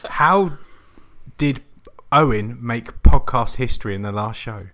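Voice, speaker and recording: A man's voice: medium pitch, measured pace, a bit bright. Teasing man hosting a podcast. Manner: teasing, laughs often. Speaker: podcast host. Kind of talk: casual chat.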